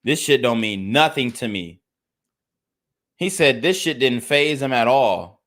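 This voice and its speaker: A male host riffs on news clips in a casual commentary style. His voice sits at an ordinary mid pitch. He talks bluntly and profanely and keeps urging viewers to follow his channel. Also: expressive, unhurried, a bit bright.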